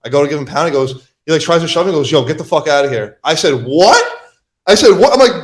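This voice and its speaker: Young male podcast host, slightly high voice, lively storyteller who shouts out quotes. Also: quick pace. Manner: animated storytelling, acts out quotes loudly. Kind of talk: casual chat.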